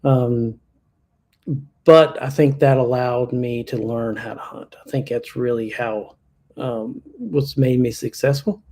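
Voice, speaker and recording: A man's voice: mid-range voice, steady tone, slow pace, mellow. A man from Kentucky, a hunter guest on a podcast, talking casually with lots of fillers and restarts. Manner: plainspoken, many fillers and restarts. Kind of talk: casual interview chat.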